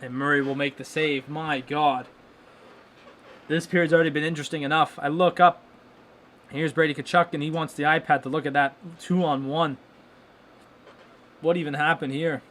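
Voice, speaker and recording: A young man calling a hockey game live for his watchalong stream, talking casually between plays. His voice sits a little high and jumps into loud, excited outbursts when a chance comes. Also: moderate pace, long pauses. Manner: excitable play-by-play, bursts of loud exclamations. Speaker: watchalong host.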